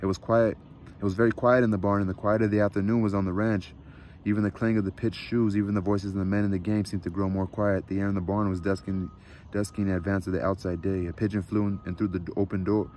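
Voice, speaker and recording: A man reading a novel aloud at a measured pace, sometimes stopping to correct his slips. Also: on the low side, flat delivery, a little mellow, a little hiss or hum. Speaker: reader.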